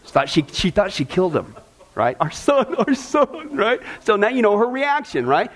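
High-voiced man teaching a Bible study. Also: sing-song, normal speed, a bit bright. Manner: anecdotal, with frequent fillers and repeated words; checks in with listeners, asking "right?" and "okay?". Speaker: pastor.

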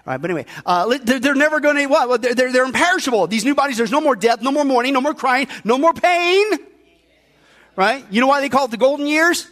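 Guy preaching in church, super high voice, jokey and fired up, keeps saying listen folks. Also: fast. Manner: energetic preaching with jokes, frequent "listen" and "folks". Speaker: pastor. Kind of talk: sermon.

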